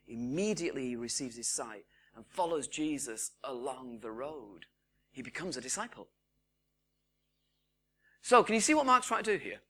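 A man preaching a sermon, retelling the story with lively quoted voices. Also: mid-range voice, normal speed.

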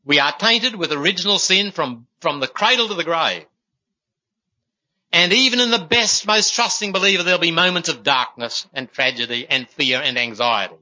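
A man's voice: fairly high pitch, brisk, hardly any pauses, bright, forceful tone, muffled recording. A man preaching a sermon in an earnest, folksy way, telling stories and calling his listeners "my friends.".

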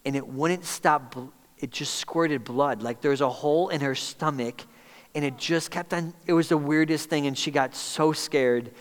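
In a church hall with a congregation, a middle-aged pastor preaches conversationally and asks the congregation questions. His voice is on the high side, fairly bright, clear and resonant. The hall makes the recording reverberant.

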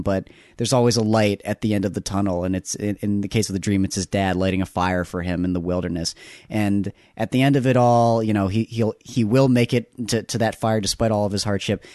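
A man's voice: on the low side, darkish tone, dry recording. Rambling man talking movies, dry sound. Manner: rambling, trails off and restarts often. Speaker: podcast co-host. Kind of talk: casual film discussion. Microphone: podcast microphone.

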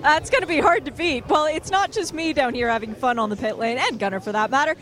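A woman reports live from the pit lane with an upbeat, animated delivery. Her voice sits fairly high as she interviews a driver. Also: fast. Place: outdoors on a racing grid.

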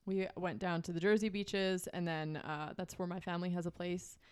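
Young woman, podcast co-host, chatty storyteller, laughs a lot, slightly low voice. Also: flat delivery, moderate pace, a little mellow, smooth. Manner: chatty, laughs often, many "like" fillers. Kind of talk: casual storytelling chat.

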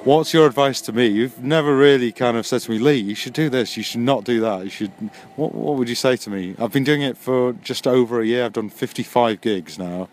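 A man hosting a late-night podcast in a loose, rambling way, mulling things over between friendly nudges to his listeners. His pitch sits in the middle of the male range. A faint hum of surroundings hangs behind him. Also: brisk, few pauses, darkish tone. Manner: rambling and musing, friendly encouragement. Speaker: podcast host and new stand-up comic. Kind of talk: casual late-night chat. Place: near a train line at night.

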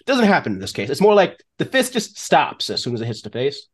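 A man narrating a tabletop game as game master, animated and descriptive, with frequent fillers. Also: on the high side, a little fast.

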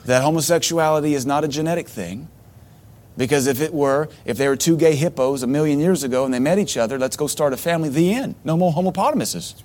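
A middle-aged man preaching a sermon as pastor, animated, with sudden loud outbursts and mocking asides. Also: a little high, fast talker.

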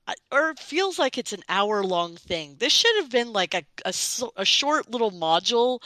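Animated woman host with a bright, slightly high voice, self-mocking storyteller, recorded dry. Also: no echo, low-quality recording. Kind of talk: casual storytelling chat.

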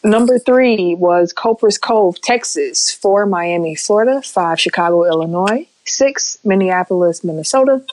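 A man co-hosting a casual podcast over a remote call, relaxed, reading out listener stats and topics. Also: high voice, a little slow, few pauses, no room sound, rough recording. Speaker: podcast co-host.

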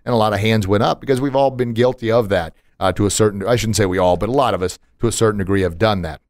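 A man's voice: on the low side, quick pace, a little mellow, no room sound, studio quality. A man hosting a podcast in casual chat, emphatic and motivational, with punchy asides. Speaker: podcast host.

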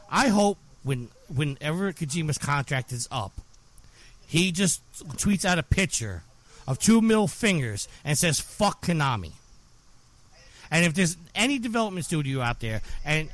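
A man's voice: a little high, a bit bright. A man on a podcast delivering a furious, profane rant with heavy emphasis. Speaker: podcast co-host.

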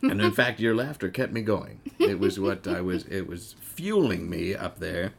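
A man's voice: sits low, animated, moderate pace, creaky. A man hosting a casual podcast interview, rambling and courtly, with many hesitations and laughs. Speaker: podcast host. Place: living room couch.

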